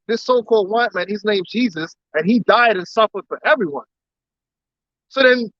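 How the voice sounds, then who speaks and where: A man's voice: very high voice, a bit bright, no room sound. A man giving an impassioned lecture to a group. He talks emphatically, repeats words and keeps firing off rhetorical questions. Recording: dull, dry recording.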